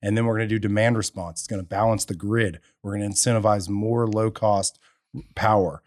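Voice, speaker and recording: A man's voice: fairly low pitch, a little fast, no echo, clean studio sound. A man, a podcast guest telling his story in casual chat, acting out quotes and laughing along. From Texas. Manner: animated storyteller, acts out quotes with bursts of laughter. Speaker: podcast guest, energy entrepreneur.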